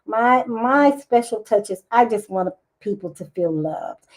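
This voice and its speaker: A middle-aged woman talks as a podcast guest, telling her stories in an animated, expressive way. Her talk is casual and warm-hearted in tone, with rising bursts of excitement. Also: medium pitch, a little slow. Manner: lively storytelling, expressive. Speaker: guest, business owner. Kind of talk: casual interview chat.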